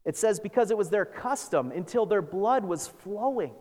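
A man preaching a sermon as pastor, animated, acting out scripture with sarcastic asides. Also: high voice, normal speed. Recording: long reverb of a large hall.

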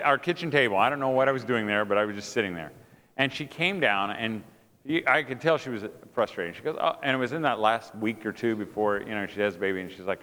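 A preacher with a mid-range, sharp-toned voice delivers a humorous sermon to a live audience in a hall. He tells self-mocking stories about his family life.

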